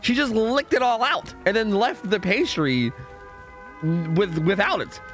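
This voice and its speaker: Brief: male game streamer, somewhat high, very animated voice, rambling chatter, faint music underneath. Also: measured pace. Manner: rambling, lots of fillers and profanity. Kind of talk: casual gaming stream chat.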